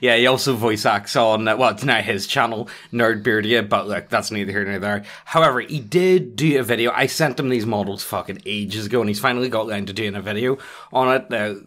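Man, quick-talking host, bright, forward tone, rambling and sweary outro chat. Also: on the low side. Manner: sweary, rambling, full of fillers and laughs. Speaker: channel host.

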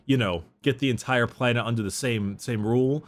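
A man's voice: medium pitch, fairly quick, a little hiss or hum. A man in casual chat, retelling a story in a rambling way and acting out the quotes. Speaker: podcast co-host retelling lore.

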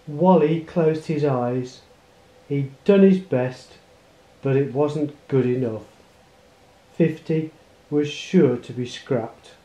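A man reading a children's picture book aloud with expressive storytelling, in a roomy, echoing recording. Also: fairly high pitch, slow pace, long pauses. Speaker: storybook reader. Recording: roomy echo.

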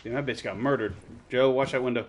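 A man hosting a gaming channel, chatting casually with friends mid-match and swearing loudly at the enemy team. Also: medium pitch, quick pace, a little hiss or hum. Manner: excitable, heavily profane trash talk.

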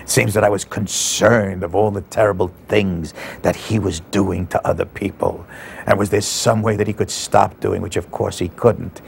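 A man's voice: sits low, creaky, a little hiss or hum. A man, an actor, recalling his old role in a rambling way, chuckling as he goes. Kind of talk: anecdotal reminiscence.

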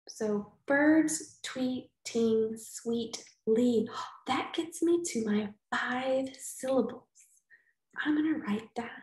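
A woman's voice: on the high side, darkish tone, roomy sound, poor audio. A woman teacher giving a writing lesson for young children, thinking aloud in a coaxing way as she works.

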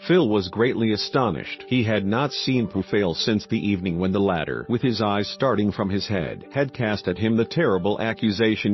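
A synthetic man's voice reading a novel aloud in an even, machine-like manner. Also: on the low side, moderate pace, few pauses. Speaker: audiobook narrator. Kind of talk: scripted narration. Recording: muffled recording with faint music.

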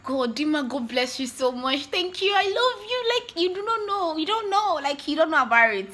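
Young female vlogger, Nigerian accent, exclamatory and quick to laugh, slightly raised pitch. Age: young adult. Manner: excitable, exclamatory, laughs often. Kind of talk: casual vlog chat.

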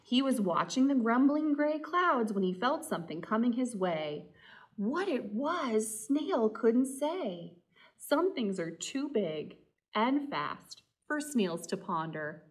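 A woman, a children's librarian, reading a picture book aloud and asking the children gentle questions. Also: fairly high pitch, big pitch swings, unhurried. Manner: gentle, talks directly to children. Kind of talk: storytime read-aloud.

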